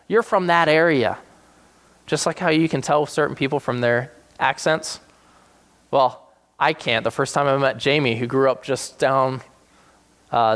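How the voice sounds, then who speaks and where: A man preaching a sermon, retelling scripture with animated acted-out voices for the people in the story. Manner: animated, acts out quoted characters with sudden high-pitched voices. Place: South Jersey church.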